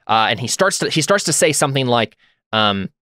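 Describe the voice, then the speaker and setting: A man's voice: medium pitch, big pitch swings, brisk, sharp tone, no room sound, studio quality. A young man narrating a tabletop game as game master, rambling with many fillers and self-corrections.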